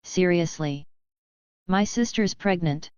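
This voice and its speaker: A woman's voice: fairly low pitch, slow pace, a little mellow, clean tone, no room sound, lo-fi sound. A woman voicing a bald, muscular male street racer who speaks bluntly and directly in a storybook reading.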